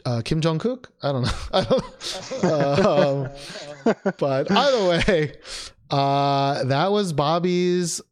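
A young man co-hosting a casual chat, animated and rambling, laughing often and restarting his sentences. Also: on the high side, takes it slowly. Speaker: podcast co-host.

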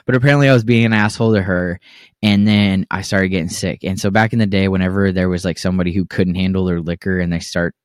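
A man's voice: low-pitched, fairly even intonation, quick pace, smooth, no room sound, clean studio sound. A man in his thirties co-hosting a podcast, telling rambling, profane stories and laughing often. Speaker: podcast co-host. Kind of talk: casual podcast chat.

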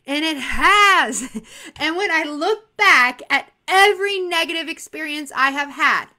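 High-pitched upbeat woman, pep talk for insurance exam students, laughs a lot, repeats herself for emphasis. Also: a little slow. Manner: energetic, animated, laughs often.

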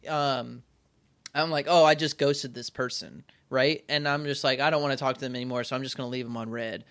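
A man's voice: mid-range voice, fairly even intonation, fairly quick, a bit bright. A man in his twenties talking through a casual chat, rambling with many restarts and acting out quoted voices.

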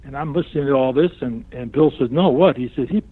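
An older man recounts a wrestling story at an easy middle pitch, popping up into higher voices whenever he quotes someone. The sound is thin and narrow, like a phone line. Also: quick pace, slightly rough, no room sound. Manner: animated storyteller who acts out other people's lines in raised voices. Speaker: guest, retired pro wrestler. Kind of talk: anecdotal storytelling interview.

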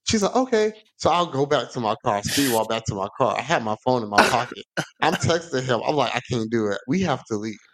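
A man, telling a long funny story on a podcast and acting out the voices of the people in it. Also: fast. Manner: animated, acts out quoted voices with big pitch jumps. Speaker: podcast host. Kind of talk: casual storytelling.

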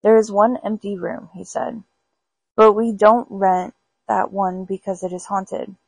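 A woman's voice: mid-range voice, fairly even intonation, measured pace, creaky, breathy edge, dry recording, poor audio. A woman hosting a podcast, reading spooky folk tales aloud in an unpolished amateur way with small stumbles. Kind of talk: storybook read-aloud.

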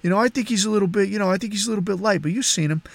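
A man voicing a scheming older man who talks in a low, conspiratorial mutter. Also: rapid-fire, gravelly, no room sound. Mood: sly gossip.

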